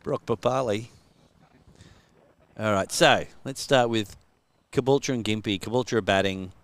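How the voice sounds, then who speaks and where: A man's voice: on the low side, normal speed. A man with an Australian accent doing casual live cricket commentary, joking and laughing often.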